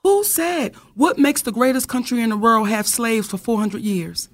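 A woman's voice: on the high side, moderate pace. Impassioned woman asking rhetorical questions. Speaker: podcast co-host. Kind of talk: casual discussion.

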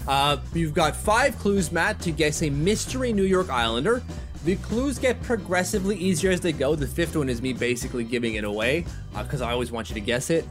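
Casting note: man, slightly high voice, lively podcast co-host, loose and chatty, faint music underneath. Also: brisk. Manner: animated, loose, laughs often. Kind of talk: casual hockey chat.

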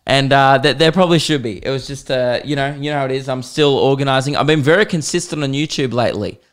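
A young man rants through a comic podcast monologue, crude and sarcastic, swearing freely. His voice is smooth and clear, sitting at an ordinary middle pitch for a man. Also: fast talker. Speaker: podcast host. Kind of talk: comedic solo podcast monologue.

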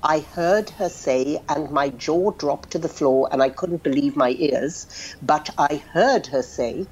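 A woman's voice: low-pitched, unhurried, a little mellow, breathy edge. A woman filmmaker, a podcast guest, telling her story in an emphatic, outspoken, impassioned way. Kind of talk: interview storytelling.

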